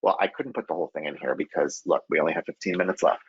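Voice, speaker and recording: A middle-aged man giving a casual teacher webinar, animated and chatty, who acts out children's self-talk in a higher voice. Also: very fast, breathy edge, dry recording, highs cut off. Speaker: teacher trainer presenting a webinar.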